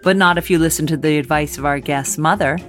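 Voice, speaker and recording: Lady podcast host, lowish voice, steady upbeat intro, soft music under it. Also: fast talker. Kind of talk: scripted podcast intro and interview.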